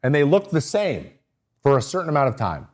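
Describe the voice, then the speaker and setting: Animated, easily sidetracked male host. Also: on the high side, a little fast. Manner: excitable, easily sidetracked, self-interrupting. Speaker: podcast host breaking down pitchers. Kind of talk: casual livestream analysis.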